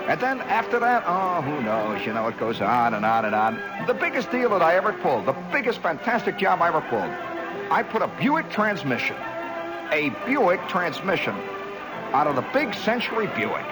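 A man's voice: a little high, low-quality recording. A man telling a rambling story on a radio monologue, acting out scenes with little sound effects.

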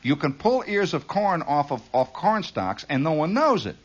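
A man's voice: a little high, very animated, normal speed. A middle-aged man telling a rambling, humorous story, digressing often, chuckling and mimicking sounds. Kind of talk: humorous spoken-word storytelling.

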